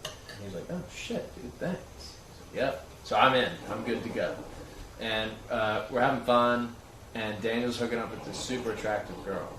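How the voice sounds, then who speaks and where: A man's voice: lowish voice, moderate pace, recorded from a distance. A young man in his twenties telling a casual story on a livestream, laughing often and saying "like" a lot. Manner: animated, laughing, lots of "like". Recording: roomy, from the mic, noisy.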